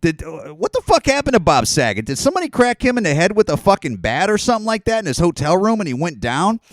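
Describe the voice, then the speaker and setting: A podcast host alone on the mic delivers a casual rant that wanders, swears and mocks. His voice sits high and sounds sing-song, he speaks fast, and there's no echo.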